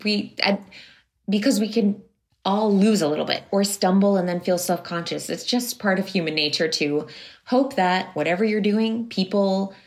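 A woman who coaches clients on voice and confidence, explaining her methods as an interview guest in an animated way and acting out what people think. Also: mid-range voice, normal speed. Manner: animated, explanatory, acts out quoted thoughts.

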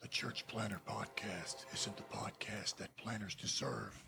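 A brooding vigilante hero speaks in a rough, gravelly whisper that is low and breathy. The delivery is slow and solemn, like a dark hero in a film trailer. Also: male voice, fairly even intonation, heavily acted.

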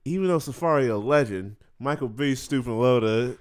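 A man co-hosting a casual podcast, thinking aloud with pauses and sighs. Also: mid-range voice, lively intonation, clean tone. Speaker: podcast co-host. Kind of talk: casual chat.

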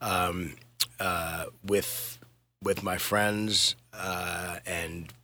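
A man's voice: sits low, flat delivery, very slow, sharp tone. A middle-aged man, a touring musician, chatting casually in a podcast interview, rambling and laid-back, swearing and laughing often.

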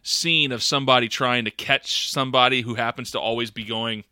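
A man co-hosting a podcast with his brother, talking casually about a film in a halting, offhand way and swearing now and then. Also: medium pitch, fairly even intonation, pushed and bright, smooth, no echo, clean studio sound. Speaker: podcast co-host. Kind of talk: casual movie-review chat.

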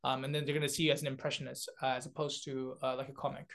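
A man's voice: medium pitch, level tone, racing, gravelly, fairly bright tone. A young man from South Korea, a comedian and beatboxer, chatting as a guest with lots of fillers, restarts and laughter. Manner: rambling, many filler words and restarts, laughs often. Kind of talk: casual interview chat.

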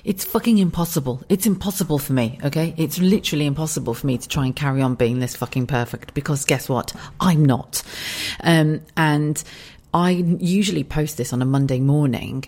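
A woman in her forties hosting a podcast, chatting frankly and swearing freely while keeping her voice hushed in her kitchen at home. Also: deep voice, brisk. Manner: hushed, speaking softly so as not to wake a child. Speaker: podcast host. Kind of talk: casual chat.

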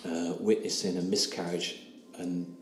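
A man's voice: deep voice, level tone. A man, earnestly recounting a personal story as an interview guest. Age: 60s. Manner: earnest, emotional, halting retelling with quoted dialogue. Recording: roomy echo with faint background hiss.

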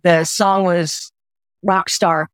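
A woman in her sixties from the United States, a podcast guest who is a little teary, telling her story in a lively, effusive way. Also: lowish voice, slow, clean tone, dry recording. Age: 60s. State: teary, weepy. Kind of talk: conversational storytelling.

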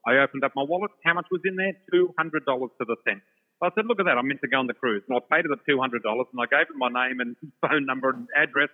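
A man telling an animated personal story, laughing often and acting out the other voices, from a shopping centre. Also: mid-range voice, fast. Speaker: storyteller guest. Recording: tinny phone line with long reverb.

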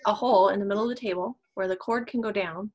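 A woman telling a casual story in an animated, rambling way. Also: mid-range voice, fast talker, breathy edge. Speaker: guest caller.

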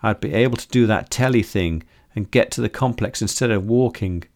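A man's voice: lowish voice, a little fast, darkish tone, natural voice. A man voicing an upset, tearful young woman who complains and sniffles. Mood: miserable.

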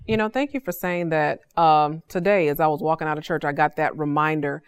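A woman hosting a faith-based podcast, telling stories in an animated, preacherly way. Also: low-pitched, brisk, clear, resonant tone. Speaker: podcast host.

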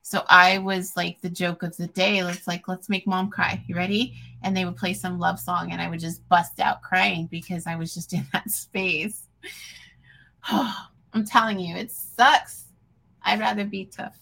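Her voice is on the low side, creaky, pushed, and bright, with little pitch movement and a measured pace. The woman, in her forties, hosts her own podcast and talks casually, emotionally, and candidly, often saying um and starting over.

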